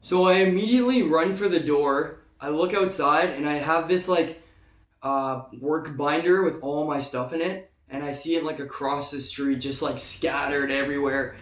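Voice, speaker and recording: A young man with a notably high voice tells a story in a loose, animated way, cursing freely and slipping into shouted impressions of people. The sound is echoey, as if recorded in a bare room. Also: moderate pace. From Canada. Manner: animated, swearing, acts out shouted quotes. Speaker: vlogger. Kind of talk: casual anecdote storytelling.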